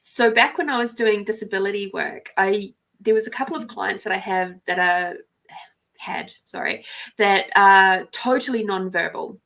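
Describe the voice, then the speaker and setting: A woman with an Australian accent, hosting a podcast and telling a personal story in a soft, reflective way, sometimes dropping to near whispers. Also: mid-range voice, normal speed, vocal fry. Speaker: podcast host. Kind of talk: casual storytelling.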